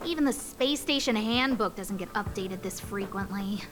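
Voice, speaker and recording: A woman voicing an earnest young female station chief in a game, speaking in a slow, thoughtful and curious way. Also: mid-range voice, a bit bright, soft background music, lightly acted. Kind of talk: game voice acting.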